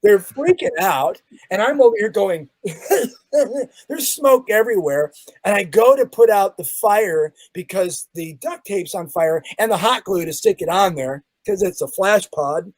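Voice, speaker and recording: High-voiced man telling a wild story. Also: measured pace, no echo, rough recording. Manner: animated, acts out sounds and quotes. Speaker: magician guest. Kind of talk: casual storytelling.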